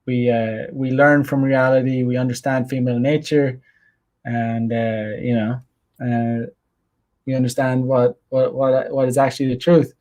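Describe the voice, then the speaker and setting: A man's voice: medium pitch, level tone, unhurried, a little mellow. A man hosting his own show, talking loosely with many fillers and restarts. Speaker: host. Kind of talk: casual solo livestream commentary.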